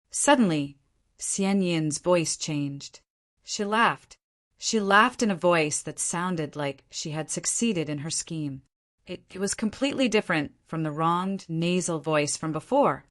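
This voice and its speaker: Woman narrating a novel audiobook, lowish voice. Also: unhurried. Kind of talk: scripted narration.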